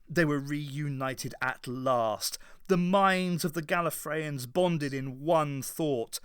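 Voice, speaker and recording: A man's voice: on the high side, slow, hardly any pauses, fairly bright tone, clear, resonant tone, no room sound, studio quality. Man giving a dramatic audiobook reading. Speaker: audiobook reader. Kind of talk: scripted narration.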